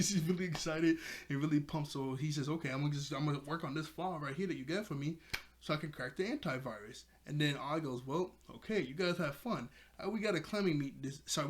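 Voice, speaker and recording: A young man casually recapping a cartoon episode, animated, acting out the characters' lines and laughing often. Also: on the high side. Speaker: episode reviewer.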